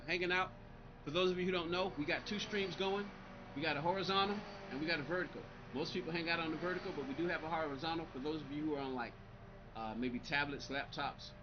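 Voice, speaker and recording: A man's voice: fairly high pitch, dull audio, background noise. A man live-streaming a racing game, chatting bluntly and with exasperation as he answers viewers' comments. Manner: blunt, exasperated, talks back to chat.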